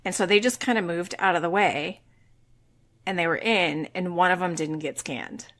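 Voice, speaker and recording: A middle-aged woman co-hosting a podcast, telling a personal story in casual chat with lively delivery and casual swearing. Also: on the low side, normal speed. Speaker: podcast co-host.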